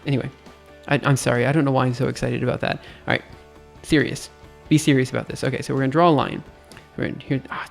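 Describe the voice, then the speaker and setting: A man streaming a casual physics lesson, thinking aloud, chatty and quick to giggle at himself. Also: medium pitch, vocal fry, faint music behind. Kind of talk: casual livestream explanation.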